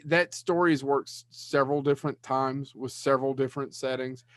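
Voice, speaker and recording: A man's voice: mid-range voice, steady tone, brisk, a bit bright, no room sound. A man co-hosting a podcast, chatting casually about films, rambling, swearing and blanking on names. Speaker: podcast co-host. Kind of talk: casual movie chat.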